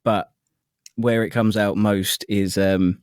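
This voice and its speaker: Chatty Southern English man, low voice. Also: fairly even intonation, darkish tone, clean tone, no room sound, studio quality. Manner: quick, chatty, laughs often. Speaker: podcast guest, voice actor. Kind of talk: casual podcast chat.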